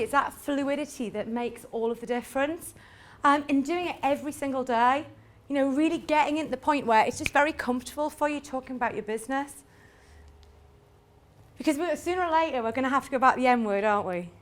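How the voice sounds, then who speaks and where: High-voiced animated woman presenter. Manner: animated, acts out little scenes in quoted voices. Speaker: sales trainer giving a talk. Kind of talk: lively conference presentation. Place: room with a live audience.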